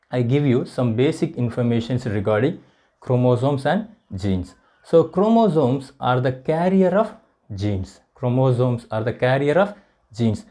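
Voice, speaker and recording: A man with an Indian English accent, teaching a biology lesson and slowly repeating each point as if for dictation. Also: medium pitch, warm tone. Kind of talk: classroom lecture.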